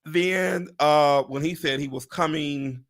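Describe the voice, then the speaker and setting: Excited gravelly man telling a story. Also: a little high, slow pace. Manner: animated, acts out quotes, swears, laughs often. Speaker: real estate agent and livestream host. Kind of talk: excited storytelling in casual chat. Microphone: livestream.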